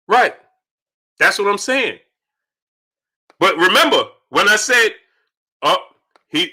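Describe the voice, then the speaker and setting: A man hosting a live-stream boxing talk show from home, greeting viewers in chat and loudly acting out his own shouting at the screen. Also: high voice. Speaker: boxing channel host.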